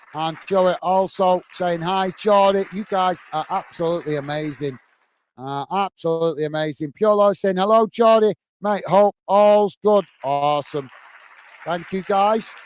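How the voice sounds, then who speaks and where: A smooth, high-sitting male voice belongs to a football channel host chatting on a fan livestream. He reads viewer comments casually and amiably, full of "uh" and "mate."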